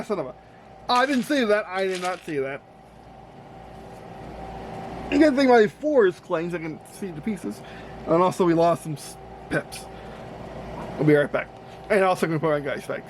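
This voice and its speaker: A man casually talking to himself while building with Lego, rambling and correcting himself often. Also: sits high. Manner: rambling, self-correcting, talks to himself while sorting pieces. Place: room with an air conditioner running. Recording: noisy room with air conditioner hum.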